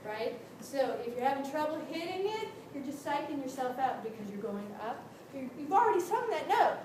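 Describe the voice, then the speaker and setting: A woman vocal instructor leading a group singing lesson, brisk and encouraging, checking in with the class and singing demonstration notes. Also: sits high, very animated. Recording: echoey room from a distance, noisy.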